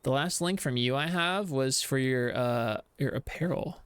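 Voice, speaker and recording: A man's voice: medium pitch, a little slow, fairly bright tone, clear, resonant tone, no room sound. A man streaming a game, joking with chat and reading game text aloud. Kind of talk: casual game streaming commentary.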